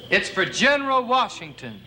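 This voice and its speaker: A harried colonial lookout. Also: male voice, high voice, big pitch swings, moderate pace, sharp tone, full character voice. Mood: pleading. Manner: exasperated, pleading comic delivery. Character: harried young male colonial lookout and messenger. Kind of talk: 1960s TV sketch comedy. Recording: noisy 1960s broadcast audio.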